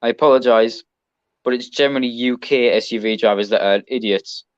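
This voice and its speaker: A man's voice: mid-range voice, a little fast, no room sound, muffled recording. A man with an English accent, a podcast guest, chatting casually and rambling with lots of ums and restarts. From Britain. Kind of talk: casual chat.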